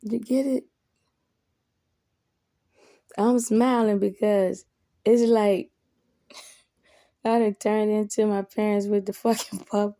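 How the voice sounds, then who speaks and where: A woman's voice: mid-range voice, fairly even intonation, slow, long pauses, warm tone, no echo, clean studio sound. A woman giving a candid, reflective monologue to camera, blunt and full of profanity. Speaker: vlogger.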